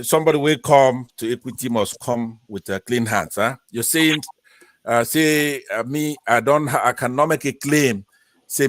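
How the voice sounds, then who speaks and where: A man's voice: medium pitch, fairly bright tone, dry recording. A man with a Nigerian Pidgin accent, speaking as a panelist in a political debate, rambling and mixing Pidgin with English.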